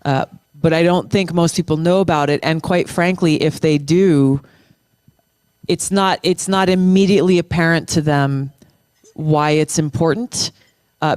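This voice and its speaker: Impassioned middle-aged veteran, smooth voice. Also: mid-range voice, darkish tone, no room sound, studio quality. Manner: impassioned, restarts phrases, slows down for emphasis. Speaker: guest, military veteran and former state lawmaker. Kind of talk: earnest conversational interview.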